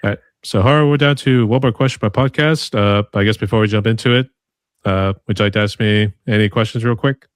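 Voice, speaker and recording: A man's voice: lowish voice, brisk, smooth, no echo, studio quality. A man, a podcast host talking in a laid-back way and padding his sentences with filler phrases. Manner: laid-back, fills with "that whole deal". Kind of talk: casual interview chat.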